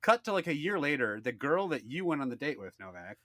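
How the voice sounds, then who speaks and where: A man's voice: medium pitch, big pitch swings, fast talker, fairly bright tone, no echo. A man in his thirties co-hosting a podcast, telling a story in a rambling casual way, full of fillers and acted-out quotes. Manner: rambling, many "like"s, acts out quotes. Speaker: podcast co-host.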